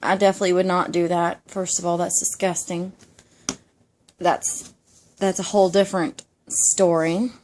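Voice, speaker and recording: A young woman with a Georgia accent talks in a casual ASMR vlog, chatty and emphatic. Her voice sits a little low for a woman. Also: level tone, moderate pace, a little mellow, a little hiss or hum. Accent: Georgia Southern US. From Georgia, USA. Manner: chatty, emphatic, frequent "definitely" and "like". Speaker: ASMR vlogger.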